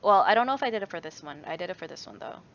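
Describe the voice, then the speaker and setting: A woman's voice: on the low side, animated, very fast, gravelly, muffled recording. A young woman chatting casually in a vlog, answering viewer questions with lots of fillers, restarts and laughs. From Canada. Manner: rambling, many fillers and restarts, laughs often. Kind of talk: casual chat.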